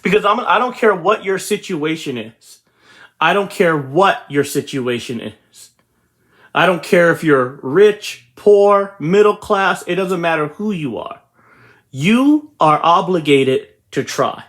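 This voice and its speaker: High-voiced man giving an emphatic pep talk. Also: unhurried, a bit bright. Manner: repetitive, emphatic, addresses viewers directly. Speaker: real estate channel host. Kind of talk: motivational talk to camera.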